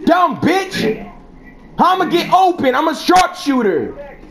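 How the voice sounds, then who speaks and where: Guy streaming a game, super high voice, swings all over, yelling trash talk nonstop. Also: big pitch swings, takes it slowly, creaky. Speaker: gaming streamer.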